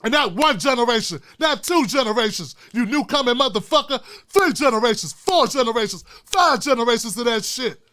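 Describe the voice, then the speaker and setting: A middle-aged man hosting his own online show, ranting with fiery, profane, preacher-like repetition and swinging from hushed asides to shouting. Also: extremely high pitch, animated, brisk, hardly any pauses. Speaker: YouTube show host. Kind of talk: impassioned vlog rant.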